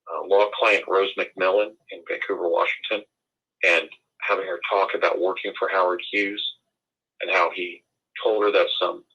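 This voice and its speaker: A man's voice: low voice, pushed and bright, slightly rough, poor audio. A man from the United States, speaking as an interview guest in an emphatic, formal and indignant way. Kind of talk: conversational interview.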